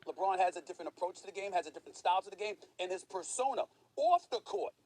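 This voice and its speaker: Brief: male TV sports pundit, high and rapid, emphatic debater. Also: animated, poor audio. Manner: emphatic, forceful argument. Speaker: sports TV commentator.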